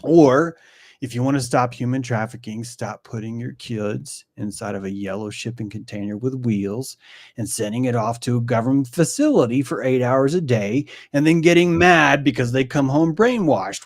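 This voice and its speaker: A man's voice: mid-range voice, moderate pace, dry recording. A man as a guest, talking in a profane, ranting way in an opinionated conversation.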